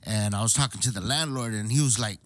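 Recorded dry, a man with a lowish voice tells a story at a quick pace, cursing freely and animatedly voicing what others said in casual conversation.

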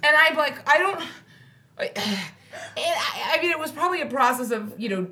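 Lively woman telling a funny story. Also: sits high, fairly quick. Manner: animated, laughing as she tells a story. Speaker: podcast guest. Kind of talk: casual storytelling.

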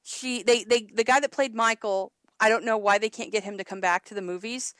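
A woman's voice: fairly high pitch, steady tone, fairly quick, fairly bright tone, smooth, no room sound, studio quality. A woman co-hosting a podcast in casual chat, rambling and laughing often with many restarts. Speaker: podcast co-host.

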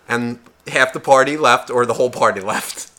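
A man speaks at normal speed and medium pitch while co-hosting a podcast. In casual chat he relates a bar story, swearing a lot and animatedly quoting others in different voices.

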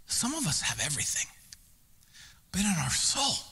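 A man preaching a sermon as pastor, candid and self-deprecating, swinging from hushed whispers to shouted emphasis. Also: high-pitched, very animated, normal speed, long pauses, breathy edge. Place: church auditorium. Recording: long reverb of a large hall.

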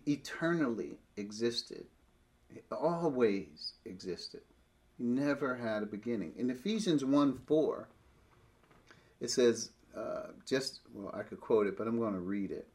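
A man teaching a Bible passage, explaining it step by step, reading verses aloud slowly, with frequent restarts. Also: fairly low pitch. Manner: restarts and repeats words often.

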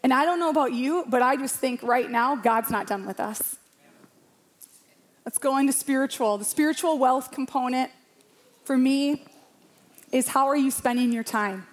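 High-voiced woman preaching with passion. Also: normal speed, long pauses. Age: around 40. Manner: passionate, emphatic, repeats phrases for rhythm. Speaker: pastor. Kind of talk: sermon. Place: church room with a congregation.

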